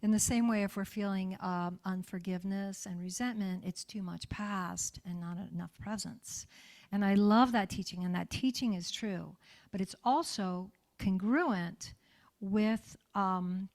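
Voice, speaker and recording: A woman pastor giving a sermon in a church in a warm, conversational way, often checking in with her listeners. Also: mid-range voice, unhurried.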